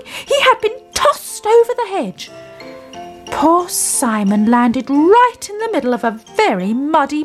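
Slow, expressive woman storyteller. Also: high-pitched. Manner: slow, expressive read-aloud. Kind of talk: storybook reading.

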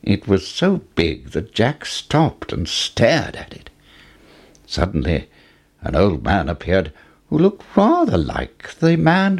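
A man reading a fairy tale aloud with very expressive, swooping delivery. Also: breathy edge. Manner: very expressive, swooping pitch, slow. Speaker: storyteller. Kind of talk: storybook narration.

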